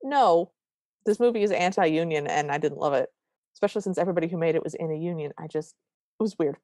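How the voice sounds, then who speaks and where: A woman's voice: low voice, fast talker, dry recording. A woman co-hosting a podcast, retelling a movie scene by scene in casual chat and acting out the characters' lines. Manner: animated retelling with quoted lines. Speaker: podcast co-host.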